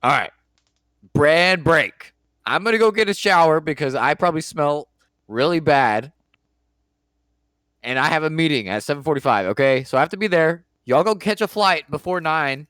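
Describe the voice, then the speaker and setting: Animated man playing a tabletop game. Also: fairly high pitch, moderate pace, no echo, studio quality. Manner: animated, laughs often, playful in character. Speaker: player. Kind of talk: tabletop role-play.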